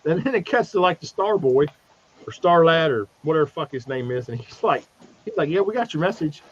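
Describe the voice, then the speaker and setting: A man on a livestream video call recapping a comic book in a profane, animated way, slipping into mocking voices for the characters. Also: on the high side, a little fast. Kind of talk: casual livestream chat. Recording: dull lo-fi stream audio with noise.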